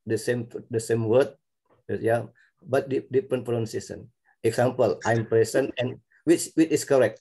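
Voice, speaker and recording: A man's voice: mid-range voice, steady tone, normal speed, gravelly, warm tone. A middle-aged male university lecturer with an Indonesian accent, giving repetitive pronunciation feedback in an online class and chuckling often.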